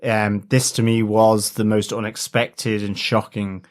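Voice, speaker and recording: A man's voice: fairly low pitch, flat delivery, unhurried. A man co-hosting a TV podcast in casual chat, agreeing and thinking aloud. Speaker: podcast co-host.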